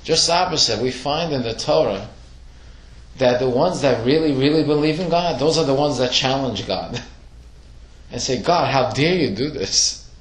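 A man teaching a class, middle-pitched and lively, throwing questions at his listeners and acting out the voices in his stories. The room is echoey and bare. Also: normal speed. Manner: questioning, animated storytelling with acted quotes. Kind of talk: classroom Torah lesson.

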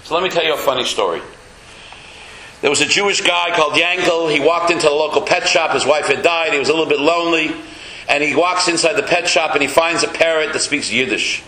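A man's voice: on the high side, a little fast, sharp tone. A man, a rabbi, giving a chatty sermon full of stories and Yiddish words, joking with his congregation. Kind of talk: sermon with storytelling. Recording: roomy echo.

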